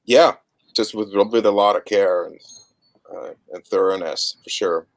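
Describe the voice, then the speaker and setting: Man, band member, casual chat, measured and hesitant, dry close sound. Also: on the low side, dry recording. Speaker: band member handling releases.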